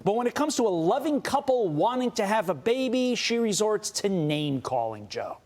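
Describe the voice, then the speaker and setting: Lively high-pitched male news co-host. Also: moderate pace. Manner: wry, teasing. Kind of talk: cable news banter.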